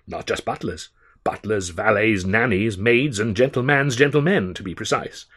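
A man reading an audiobook, voicing a formal, unflappable butler with measured, deferential precision. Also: mid-range voice, big pitch swings, husky. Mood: measured, polite. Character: formal, unflappable male English butler, middle-aged.

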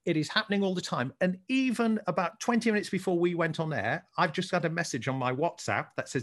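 A man with a Scouse accent co-hosting a casual podcast chat, telling stories in a chatty, animated way. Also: on the high side, brisk, few pauses. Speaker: co-host.

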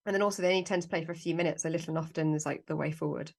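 A woman explains things on a podcast at a fast clip, with plenty of fillers. Her voice sits on the lower side. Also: fairly even intonation. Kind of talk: casual podcast chat.

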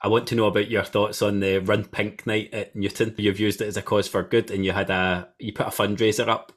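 A man's voice: lowish voice, little pitch movement, brisk. A man hosting a podcast interview, encouraging and jokey in manner. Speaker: podcast host. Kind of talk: conversational interview.

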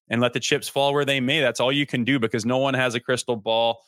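A man's voice: mid-range voice, fast, hardly any pauses, dry recording. A man co-hosting a casual sports podcast, talking loosely and swearing as he tells stories. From Canada. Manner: loose, swearing, storytelling with animated quoted voices. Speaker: podcast co-host.

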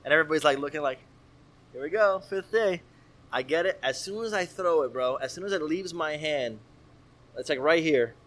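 Man, thirties, pitched a bit high, loud, profane storyteller who acts out every voice. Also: brisk. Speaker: podcast guest. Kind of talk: casual storytelling.

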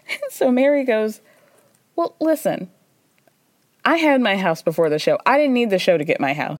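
Chatty woman host retelling TV drama, a little high, recorded dry and close. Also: expressive, normal speed, pauses often, dry recording. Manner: gossipy storytelling, acting out quotes with laughs. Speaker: podcast host. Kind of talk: casual reality TV recap.

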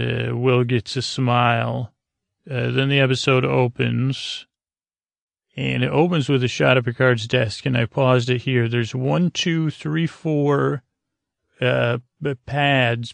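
Gravelly, flat-voiced man rambling a recap. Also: mid-range voice, no echo. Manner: halting, full of fillers and restarts. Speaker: podcast host recapping a TV episode.

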